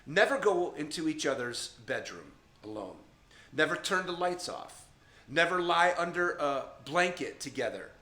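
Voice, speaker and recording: A man's voice: fairly high pitch, bright, forceful tone, roomy sound. A middle-aged man teaching young people about dating in an emphatic, repetitive way, often checking in with "okay?". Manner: emphatic, repetitive, addresses listeners directly with frequent "okay?". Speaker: youth ministry speaker. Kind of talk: informal teaching talk to a camera.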